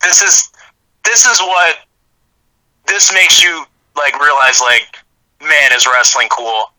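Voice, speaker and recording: Guy watching back a match he saw live, gets all worked up, yells and tears up, pretty high bright voice. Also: takes it slowly, poor audio. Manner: emotional, shouts and cries out while reliving the match. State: voice shaking with emotion. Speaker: guest. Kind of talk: excited watch-along chat.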